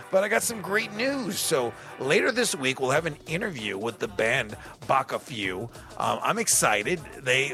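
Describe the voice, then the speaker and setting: A man's voice: mid-range voice, creaky, bright, forceful tone. A man hosting a radio show, chatting casually and rambling between songs with self-deprecating asides. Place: radio studio.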